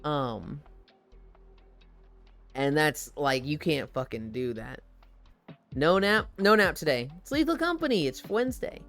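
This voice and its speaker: A man chatting on a live stream, spinning profane stories with lots of swearing and a lively, animated delivery. He slips into quick put-on voices when he quotes people. Faint music plays behind him. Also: on the high side. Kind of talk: casual live-stream chat.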